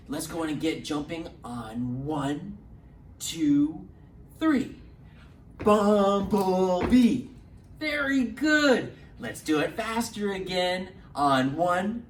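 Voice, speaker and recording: Librarian guy doing kids storytime, bouncy up and down voice, echoey room, mic kinda far. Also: on the high side. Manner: animated, encouraging, speaks slowly to little ones. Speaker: children's librarian. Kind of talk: children's storytime lesson. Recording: roomy, distant mic, faint hum.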